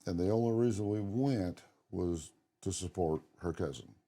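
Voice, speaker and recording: Low-pitched and mellow, he speaks at a normal speed. As a middle-aged podcast co-host chatting casually, he spins long personal tales in a blunt, offhand manner and swears freely.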